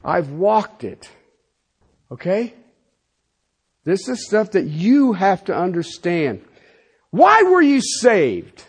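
A husky-voiced middle-aged man preaching to his congregation, his pitch riding high and swinging widely. He presses his points hard, then drops into low, muttered asides. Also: huge pitch swings, slow pace, pauses often. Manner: emphatic, swings between loud and quiet asides. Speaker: pastor. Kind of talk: sermon.

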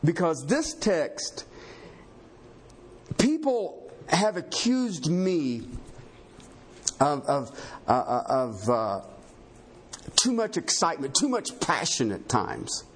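A pastor preaching a sermon in an emphatic, animated way, often checking in with his congregation. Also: a little high, takes it slowly, long pauses, slight background noise.

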